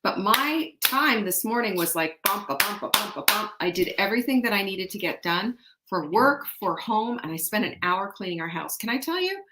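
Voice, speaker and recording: A woman's voice: medium pitch, animated, normal speed, heavy background noise. A middle-aged woman hosting a live show, upbeat and emphatic, repeating phrases as she coaches her viewers, slightly out of breath after a workout. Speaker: show host and life coach. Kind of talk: live-stream chat and motivational talk.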